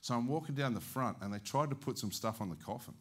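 A man's voice: mid-range voice, fast talker, husky. A man preaching with an Australian accent, telling a story in a sermon and acting out its dialogue. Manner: animated, acts out the dialogue of his story. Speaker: evangelist preacher. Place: church service.

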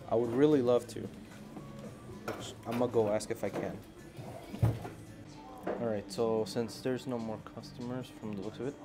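A man vlogging in an indoor animal cafe, talking into a handheld phone and coaxing the animals in an excited, playful voice. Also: medium pitch. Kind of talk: casual vlog talk. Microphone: handheld phone camera.

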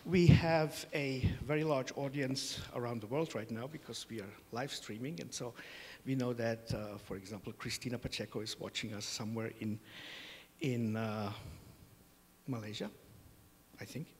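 A man's voice: mid-range voice, normal speed, darkish tone, a little hiss or hum. Middle-aged man telling stories in a hall. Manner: humorous, self-deprecating anecdotes. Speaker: conference host. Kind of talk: storytelling conference introduction. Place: conference hall.

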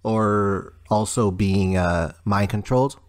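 Very low male voice, halting casual podcast talk, dead-dry recording. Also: no room sound. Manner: hesitant, halting, many fillers. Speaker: podcast co-host. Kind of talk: casual chat.

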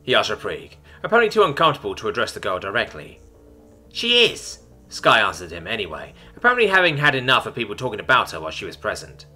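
A man narrating a story in a scripted, expressive way. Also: fairly low pitch, very fast, hardly any pauses, breathy edge, faint music behind.

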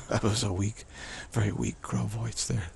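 Gravelly low-voiced man teaching spirituality. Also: steady tone, moderate pace, darkish tone, a little hiss or hum. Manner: rambling and repetitive, with frequent restarts. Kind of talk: unscripted spiritual teaching monologue.

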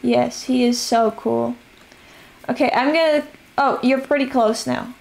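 Young woman gamer, hoarse, gravelly fry, rambling self-narration. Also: fairly high pitch, fairly even intonation, unhurried, darkish tone, slight background noise. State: voice going hoarse. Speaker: streamer playing a survival game. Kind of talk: casual live-stream chatter.

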